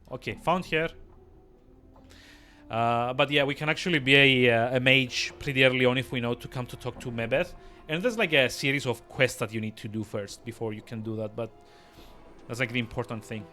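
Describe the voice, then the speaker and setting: A man's voice: medium pitch, bright, forceful tone. A man giving rambling live let's-play commentary, full of fillers. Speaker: streamer.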